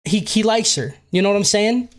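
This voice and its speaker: A man's voice: sits high, animated, normal speed. A man casually recapping an anime film on a podcast, swearing a lot and jokingly acting out the characters. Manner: profane, jokey, acts out characters in silly voices. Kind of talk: casual comedic chat.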